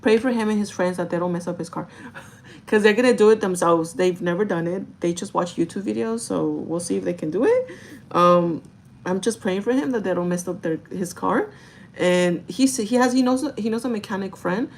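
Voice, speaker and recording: A woman's voice: mid-range voice, normal speed, rough recording. A young woman chatting candidly to camera in a storytime vlog, emotional and laughing often, swearing casually. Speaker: vlogger.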